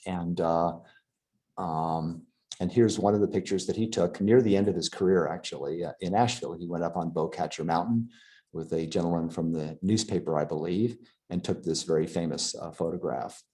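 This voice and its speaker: A man giving a local history lecture over slides, pausing often with fillers and restarting his sentences. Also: low-pitched, dark tone. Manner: halting, many fillers and restarts.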